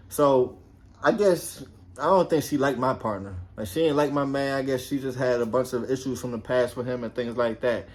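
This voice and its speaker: A man's voice: medium pitch, moderate pace. A man who used to be a police officer, telling a story casually, swearing a lot and acting out the voices of people in it. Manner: profane and animated, acts out quoted voices.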